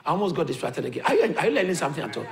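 Male preacher, middle-aged, higher voice, repetitive call-and-response sermon delivery. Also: sing-song, rapid-fire, vocal fry. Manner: rhetorical questions to the congregation, repeats phrases for emphasis.

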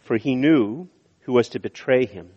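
A man preaching a sermon in earnest, slowing down to stress key words, in a church sanctuary. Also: medium pitch, warm tone, husky. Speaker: pastor. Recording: dull audio with long hall reverb.

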